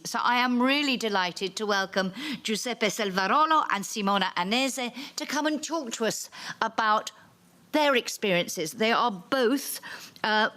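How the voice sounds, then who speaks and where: A woman moderating a conference panel. She speaks politely and warmly to the room, with a few fillers and small restarts. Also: fairly high pitch. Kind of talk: chairing a panel session. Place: conference hall.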